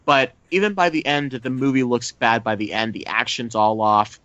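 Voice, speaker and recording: A man's voice: medium pitch, steady tone, moderate pace, bright, forceful tone, no room sound, lo-fi sound. A man co-hosting a casual movie review podcast, rambling and hesitant with lots of fillers. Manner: rambling, hesitant with many fillers, laughs often. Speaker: podcast co-host.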